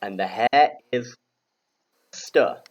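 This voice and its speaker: A man from the UK teaching a grammar lesson to young learners, speaking slowly and repeating words for them to echo. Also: lowish voice. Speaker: English teacher.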